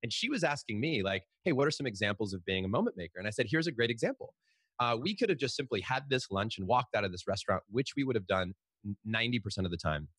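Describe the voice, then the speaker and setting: Fast-talking man telling lively stories. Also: fairly low pitch, slightly rough, no room sound. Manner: fast, animated storytelling with frequent restarts. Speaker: guest, author. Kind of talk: storytelling in a podcast interview.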